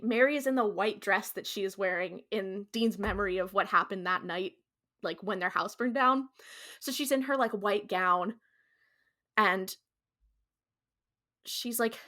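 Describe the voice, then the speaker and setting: Bright-voiced woman recapping a TV episode. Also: mid-range voice, normal speed, long pauses. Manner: animated storyteller, slips into quoted character voices; frequent "like" fillers, casual swearing. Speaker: podcast co-host. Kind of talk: casual podcast episode recap.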